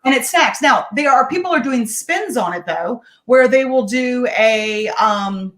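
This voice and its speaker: Chatty, higher-voiced woman. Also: lively intonation, fairly bright tone. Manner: chatty, upbeat, quick-talking, laughs often. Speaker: guest home cook sharing meal tips. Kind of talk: casual live-stream cooking demo. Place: home kitchen.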